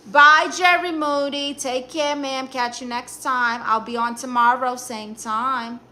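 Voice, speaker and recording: The voice is a woman's, high-pitched and steady in tone yet pushed and bright, with slight background noise. Speaking in a Brooklyn accent, she plays a blunt, sassy aunt who reads viewer comments live and offers dating advice, quick with a comeback.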